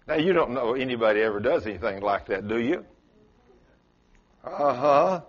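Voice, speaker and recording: A man's voice: mid-range voice, lively intonation, quick pace. A man preaching a sermon in a church, folksy and storytelling, with Southern turns of phrase. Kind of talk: folksy sermon with acted-out quotes. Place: church sanctuary with congregation. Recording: dull lo-fi church recording.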